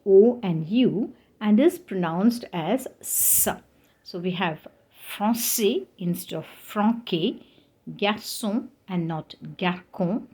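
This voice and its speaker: A woman teaching French pronunciation, spelling out letters and example words one at a time with pauses. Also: mid-range voice, a little mellow, slightly rough. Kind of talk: slow, careful pronunciation lesson.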